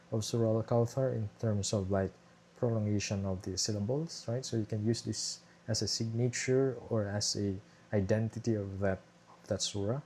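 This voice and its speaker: A man's voice: lowish voice, a little mellow. A young man casually walking viewers through his thesis research, explaining with many fillers and restarts. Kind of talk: casual screen-share walkthrough. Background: airplane noise from a nearby airport.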